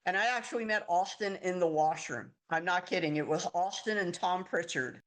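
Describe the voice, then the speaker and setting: Relaxed podcast host asking questions. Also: male voice, high voice, normal speed. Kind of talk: casual interview.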